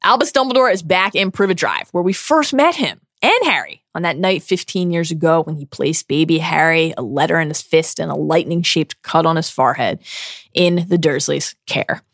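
Lady cohosting a book podcast, lowish voice, earnest, careful analysis, dry studio sound. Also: moderate pace, fairly bright tone, dry recording. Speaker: podcast co-host. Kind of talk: scripted book discussion podcast.

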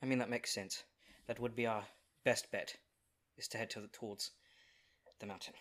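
A man takes part in a tabletop game with short, easygoing answers. His voice sits a little low, and he talks casually. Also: steady tone, moderate pace, fairly bright tone. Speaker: player.

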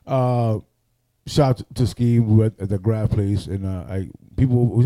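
A man, a radio personality and MC, telling loud, animated stories on a podcast and swearing often. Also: on the low side, unhurried. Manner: animated, loud, acts out other people's voices, swears often. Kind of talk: casual storytelling on a podcast.

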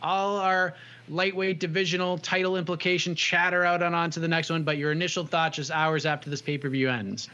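Brief: male show host, slightly high bright voice, upbeat, keeps things moving. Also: little pitch movement, fairly quick, lo-fi sound. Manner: upbeat, steers the talk. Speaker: MMA podcast host. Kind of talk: casual chat.

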